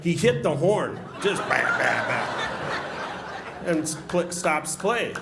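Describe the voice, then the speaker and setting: A man's voice: a little high, sing-song, takes it slowly, vocal fry. Joking storyteller man in an echoey hall. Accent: Upper Midwest American. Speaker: former hockey public address announcer. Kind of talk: storytelling speech at a banquet. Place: banquet hall at a social event. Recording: echoey hall, faint room noise.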